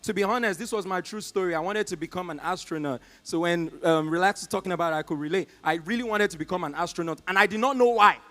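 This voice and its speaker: Man, Nigerian accent, high voice, stand-up comedian, animated storytelling, talks to the crowd. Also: fast talker, hardly any pauses, in a large hall. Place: live comedy stage.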